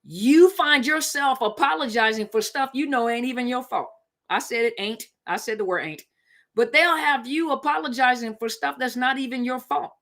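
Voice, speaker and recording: A woman's voice: sits high, normal speed, fairly bright tone. A woman hosting a casual live stream, speaking in a conversational, emphatic way and repeating her points to drive them home. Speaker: live-stream host on relationships.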